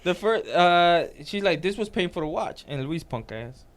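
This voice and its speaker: A man co-hosting a casual podcast, telling an animated story and reading comments aloud. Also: sits high, moderate pace. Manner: animated storytelling, reads out comments, laughs a lot. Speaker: podcast co-host.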